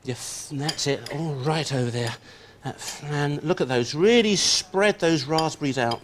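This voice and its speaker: Upbeat man as a TV cooking-show chef, high voice, coaching contestants step by step; old broadcast with loud background noise. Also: unhurried. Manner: upbeat, encouraging step-by-step instructions. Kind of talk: hands-on cooking demonstration. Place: TV studio kitchen set.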